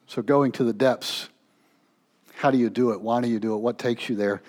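A man preaching a sermon as pastor, swinging between raised, pleading intensity and hushed, low-voiced emphasis. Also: steady tone, moderate pace.

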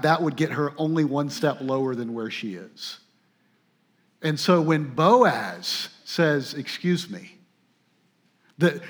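A man preaching a sermon in a somewhat high voice. He talks like a conversation, full of asides and restarts, and moves between pressing, emphatic points and quiet, tender stretches. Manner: swings from emphatic to soft and tender. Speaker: pastor.

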